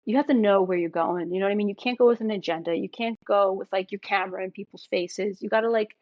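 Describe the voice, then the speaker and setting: A woman with a New York accent, a filmmaker talking as a podcast guest, emphatic and animated, often checking in with "right?". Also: medium pitch, fast, no room sound, dull audio. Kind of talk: casual podcast conversation.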